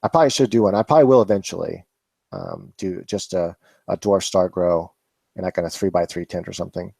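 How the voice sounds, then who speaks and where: A man's voice: sits low, brisk, vocal fry, darkish tone, no room sound. A man hosting a live Q&A, chatting casually and rambling with laughs and swearing. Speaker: vlog host answering viewer questions.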